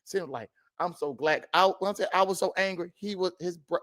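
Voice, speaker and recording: Animated man telling stories. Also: high-pitched, brisk. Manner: animated storytelling, laughs while telling. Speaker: podcast co-host. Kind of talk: casual podcast chat.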